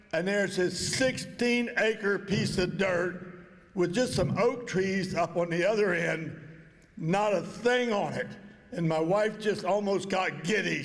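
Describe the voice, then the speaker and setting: A man's voice: sits high, long reverb tail. An older man, telling a story in a plain-spoken, folksy way as he gives a speech at an awards dinner. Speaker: inductee giving a speech. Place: banquet hall.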